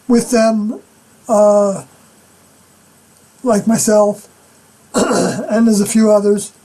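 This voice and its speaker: A middle-aged woman giving an unscripted scripture commentary as a personal testimony, halting and often clearing her throat. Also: mid-range voice, warm tone, poor audio.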